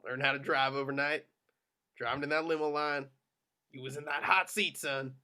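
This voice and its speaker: A gruff, folksy army lieutenant who drawls his lines in a plain, steady way, as a man plays him. His tone is bright and forward. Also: a little high, normal speed. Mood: steady, reassuring. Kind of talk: amateur script reading.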